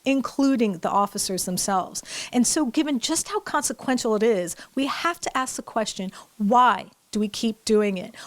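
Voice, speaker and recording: A woman host delivering scripted news commentary in a measured way, posing rhetorical questions. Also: a little high.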